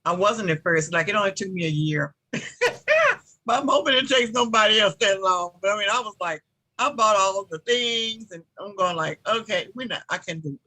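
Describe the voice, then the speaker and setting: A woman's voice: mid-range voice, moderate pace, pushed and bright, poor audio. A woman taking part in an online course, talking on a video call in a chatty, joking, self-deprecating way. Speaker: course participant.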